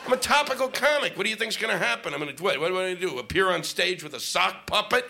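A man's voice: high voice, animated, quick pace, gravelly, noisy background. A male stand-up comic doing a profane, ranting set on stage into a microphone. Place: comedy stage with audience laughing.

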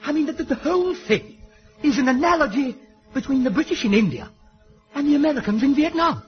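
An actor playing an affected, fussy amateur stage director who talks in a gushing way. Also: male voice, very high voice, lively intonation, brisk, faint music behind. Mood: enthusing. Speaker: theatre director. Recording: dull lo-fi broadcast audio.

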